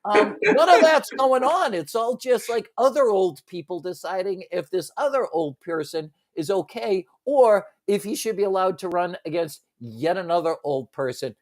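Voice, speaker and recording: A middle-aged man riffs on a radio talk show, voice rising and falling with energy. He slips into shouted movie-style lines mid-thought. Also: sits high, moderate pace, few pauses. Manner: animated, bursts into shouted movie quotes. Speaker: radio sports talk co-host. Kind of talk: casual talk radio banter.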